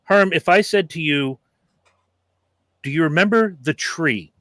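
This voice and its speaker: A man's voice: on the high side, unhurried, a bit bright, no room sound. A middle-aged man hosting a podcast, chatting casually and telling stories with profanity and acted-out quotes. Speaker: podcast host. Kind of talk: casual chat.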